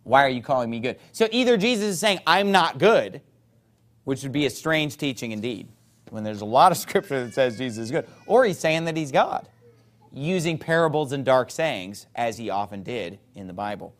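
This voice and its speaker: A man's voice: mid-range voice, normal speed. A man preaching, quoting King James scripture and animatedly acting out the voices of people he argues with. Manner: animated, acts out opponents' voices.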